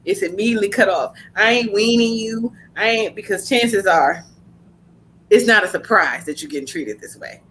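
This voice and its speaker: Woman podcast host, punchy and blunt, bright edge to the voice. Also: medium pitch, moderate pace, slight background noise. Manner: blunt, animated storytelling with slang. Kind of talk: casual podcast chat.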